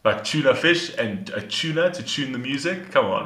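A young man hosting a reaction video, casual and animated, swearing and repeating himself with lots of "man" and "bro". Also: medium pitch, measured pace. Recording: roomy echo. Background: faint rap track.

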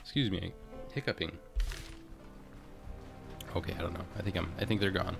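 Playing through a game, this man keeps up a chatty running commentary, speaking to himself and the game and often starting over mid-thought. His low voice is gravelly and steady at a moderate pace, with music playing behind him.

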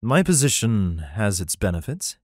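A man's voice: lowish voice, very animated, normal speed, darkish tone, dry recording, clean studio sound. A man voicing an earnest young dragon prince in an audiobook.

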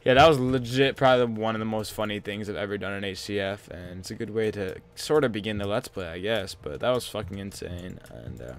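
A young man commentating his own game, excitable and swearing, with bursts of loud disbelief, on a headset mic at his computer. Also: on the low side, brisk, few pauses. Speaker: gaming channel host. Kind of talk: Let's Play commentary.

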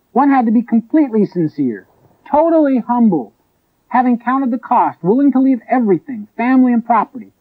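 A man preaching a sermon in an emphatic way, with sharp rises and drops. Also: sits high. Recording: tinny phone-like lo-fi recording.

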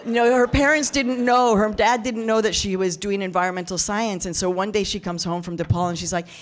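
A woman's voice: mid-range voice, steady tone, fairly quick. Passionate woman giving a keynote speech. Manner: passionate, switches into Spanish phrases; acts out quoted voices. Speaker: keynote speaker. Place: large event hall with audience.

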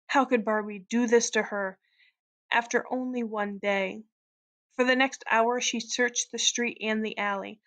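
A woman teacher reading a story aloud to students at a steady, clear pace. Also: mid-range voice, unhurried. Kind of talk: read-aloud story narration.

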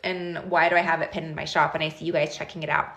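A woman in her thirties hosting a live stream, talking casually and directly to her viewers in an animated, chatty way. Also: low-pitched, fast. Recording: echoey room.

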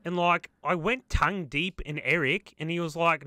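A young man with a bright, forceful voice that comes through smooth and crisp, close and dry. He jokes and teases his co-host in a loose, animated podcast chat. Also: a little high, brisk, no room sound. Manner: joking, animated, teasing. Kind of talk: casual chat.

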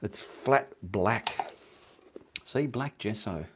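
Over a noisy background, a painting instructor with a lowish voice speaks very slowly through a live demonstration in his indoor home studio. He chats casually as he works and mutters to himself between steps.

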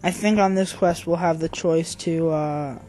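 A young man with a fairly high voice talks over his gameplay, goofy and rambling as he cracks jokes. He speaks into a desk microphone at home, with faint game music behind. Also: steady tone, a little slow, darkish tone. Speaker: gamer host. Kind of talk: let's play commentary.

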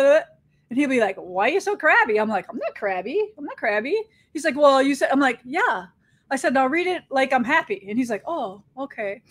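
A middle-aged woman who owns a quilting shop, talking frankly and chattily to her viewers and acting out little back-and-forth exchanges. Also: fairly high pitch. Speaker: quilting shop owner and host. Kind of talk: casual direct address to viewers.

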